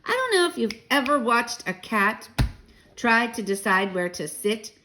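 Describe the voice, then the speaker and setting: A woman reading a children's book aloud, gentle and chatty with young listeners. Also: fairly high pitch, sing-song, unhurried, slight background noise. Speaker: children's story reader.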